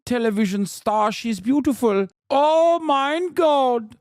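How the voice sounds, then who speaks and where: A man putting on a mocking German accent to play a starstruck German television viewer, with high, squealing, drawn-out exclamations. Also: smooth, dry recording, clean studio sound. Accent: German, mocked.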